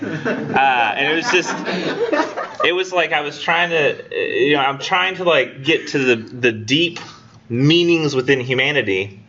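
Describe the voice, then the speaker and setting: A man's voice: a little high, measured pace, crowd noise. A man, an English instructor giving a casual, rambling classroom lecture, joking and acting out his students. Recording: dull lo-fi classroom recording.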